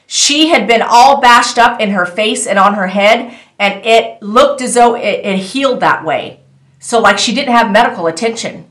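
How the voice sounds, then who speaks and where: A woman's voice: mid-range voice, fairly bright tone. Earnest woman telling a story, echoey room. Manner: earnest, insistent, repeats herself for emphasis. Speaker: testimony speaker. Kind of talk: personal testimony storytelling.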